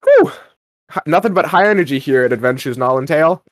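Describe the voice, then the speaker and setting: A man's voice: a little high, animated, fairly quick, no room sound, clean studio sound. A young man co-hosting a podcast, recapping an episode in a rambling, self-deprecating chat and briefly acting out the characters. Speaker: podcast co-host.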